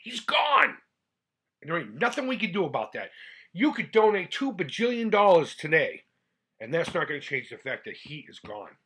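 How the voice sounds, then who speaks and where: A man's voice: a little high, sing-song, a little fast, fairly bright tone, breathy edge. A middle-aged man from the United States who hosts a retro gaming channel, talking in a chatty, heartfelt vlog style that rambles and restarts. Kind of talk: casual vlog talk.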